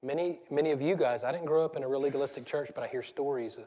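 A pastor in his thirties with a Southern US accent preaches quickly in a warm, medium-pitched voice. His casual sermon in the church sanctuary rambles and turns self-deprecating as he laughs at his own stories, and the hall adds a long reverb.

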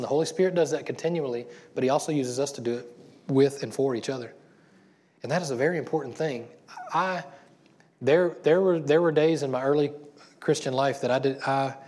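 A middle-aged man delivers a sermon as a pastor in a loose, conversational way. He often restarts his sentences and talks as if chatting with friends. His voice sits at an ordinary middle pitch. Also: a little mellow. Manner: casual and chatty, with frequent restarts and laughter.

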